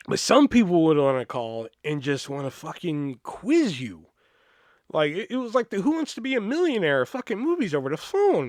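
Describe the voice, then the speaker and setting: A podcast host tells stories casually, swearing freely and jumping into voices to act out the people in them. His animated voice sits a little high for a man and sounds close and dry, with no echo or room around it.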